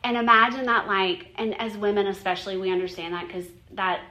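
A woman's voice: medium pitch, brisk, pushed and bright, dull audio. A woman giving a conversational devotional teaching to women, earnest and heartfelt, often saying "like" and "you know". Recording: roomy echo, faint ambience.

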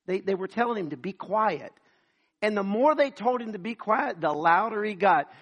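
A man's voice: high-pitched, expressive, normal speed, a bit bright. A man preaching a sermon, telling stories dramatically and acting out the voices.

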